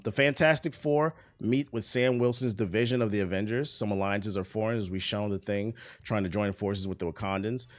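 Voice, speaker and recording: A man streaming casually, reading entertainment news aloud and breaking off into profane, laughing asides. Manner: profane, laughing asides, excitable pitch jumps.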